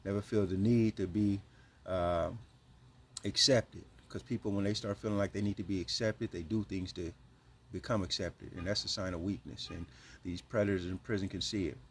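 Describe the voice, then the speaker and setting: A man's voice: low-pitched, steady tone, moderate pace, a little hiss or hum. A man hosting his channel, giving earnest, slangy advice in a casual monologue. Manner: earnest, slangy, repeats points.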